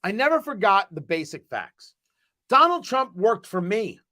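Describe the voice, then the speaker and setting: A man hosting his own show in casual live-stream chat, emphatic and animated, often repeating words as he talks, originally from the US East Coast. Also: high-pitched, measured pace. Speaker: host.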